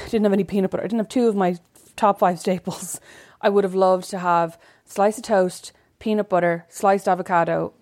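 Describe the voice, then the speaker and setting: A playful woman from Ireland co-hosts a podcast, teasing her co-host as she talks. She speaks very quickly at a middling pitch. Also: a little mellow, dry recording. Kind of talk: casual chat.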